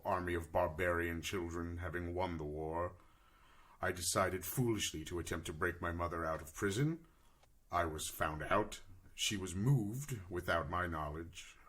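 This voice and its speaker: Low husky guy doing a slow serious backstory in a tabletop game, deep voice. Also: a bit bright. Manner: slow, grave storytelling in character, breaking into laughter. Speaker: player voicing his character. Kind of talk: in-character tabletop role-play.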